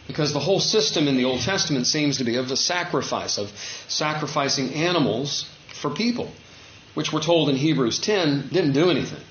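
A man preaching a sermon in a relaxed, conversational way, acting out quoted dialogue with his voice rising. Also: fairly high pitch, slight background noise. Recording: dull echoey room recording.

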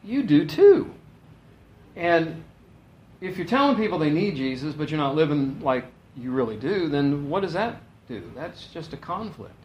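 A man's voice: fairly high pitch, lively intonation, moderate pace, slight background noise. Folksy preacher man in an echoey room. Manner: conversational, folksy, laughs at own stories. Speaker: pastor. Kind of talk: sermon.

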